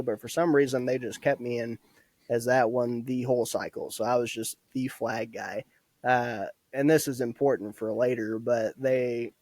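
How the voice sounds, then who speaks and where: Young man, twenties, casual army stories, frequent laughs, swearing, mid pitch, dry sound. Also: a little mellow, no echo. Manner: laughs often, swears freely. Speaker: podcast guest, former soldier. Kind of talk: casual storytelling.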